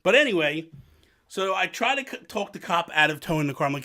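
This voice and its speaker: A man's voice: a little high, fairly quick. A young man from New Jersey telling a self-mocking story to camera, acting out what others said. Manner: animated, self-mocking, acts out quotes. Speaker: vlogger.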